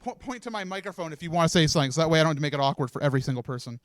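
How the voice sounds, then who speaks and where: Handing out awards at a live charity event, a man rambles nervously and laughs, delivering an emotional live speech from a live stream event room with faint music in the background. His voice is on the high side, animated, and racing.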